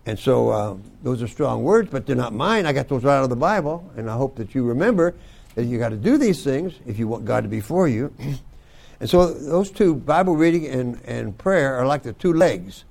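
An older man teaching a youth Bible school class, folksy and joking, with loud bursts for emphasis. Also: medium pitch, lively intonation, moderate pace, creaky. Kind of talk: folksy devotional talk to youth.

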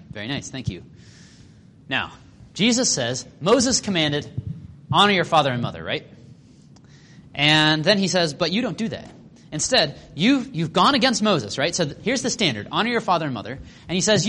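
Animated man teaching a Bible class. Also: fairly high pitch, a little hiss or hum. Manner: animated, acts out quotes, asks the room questions. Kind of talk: casual Bible study teaching.

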